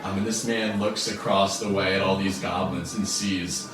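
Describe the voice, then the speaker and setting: Narrating a tabletop game as game master, this man speaks at normal speed in a low voice, relaxed and casual, often using fillers. The mic sits far from him in a roomy space, and faint music plays.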